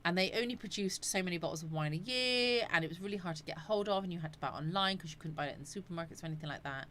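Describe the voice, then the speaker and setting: A woman's voice: fairly low pitch, racing, fairly bright tone, a little hiss or hum. A woman hosting a casual live chat, rambling and answering viewers' comments. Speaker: live stream host.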